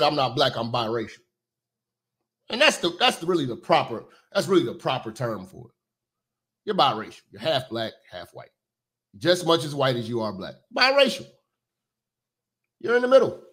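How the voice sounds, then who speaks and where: Man host, high and lively voice, blunt profane rants, casual commentary. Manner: blunt, profane, animated ranting.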